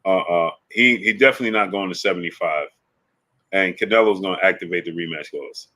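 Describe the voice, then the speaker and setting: A man's voice: low voice, fairly quick, bright, forceful tone. A young man co-hosting a casual live sports stream, giving emphatic predictions and repeating his pleas to viewers. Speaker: co-host answering viewer comments.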